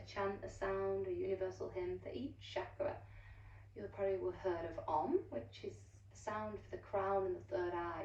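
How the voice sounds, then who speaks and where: A woman leads a yoga class in a low voice with a gravelly edge, her cues slow, soft and unhurried. She sounds well away from the microphone, her voice bouncing around a roomy space. The recording is dull and lo-fi, with a faint hiss under it. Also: far from the mic. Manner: soothing, unhurried cueing with soft drawn-out words. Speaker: yoga teacher. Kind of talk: guided yoga class instruction.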